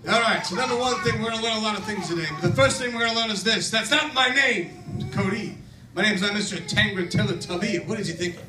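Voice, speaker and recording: A man playing a brash male construction foreman who teaches kids in a children's church skit, with a loud, bossy, tough-guy patter. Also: sits high, fast talker, noisy background, natural voice. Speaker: kids' camp skit performer. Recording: echoey hall, far from mic, audience.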